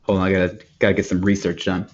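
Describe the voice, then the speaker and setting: A man's voice: low-pitched, completely flat delivery. Rambling man on a lo-fi podcast. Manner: rambling, halting with fillers and restarts. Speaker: podcast co-host. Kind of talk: casual banter, wine tasting chat. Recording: dull lo-fi podcast audio.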